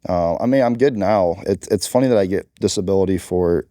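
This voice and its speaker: Low-voiced blunt veteran man. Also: fairly quick, warm tone, no echo, studio quality. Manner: blunt, emphatic storytelling. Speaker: guest, Marine combat veteran. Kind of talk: candid interview talk.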